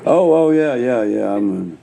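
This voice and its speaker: A man, a guest guitarist, telling laid-back, self-mocking stories on stage with a gravelly voice. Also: mid-range voice, animated, unhurried, mellow. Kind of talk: live storytelling on stage.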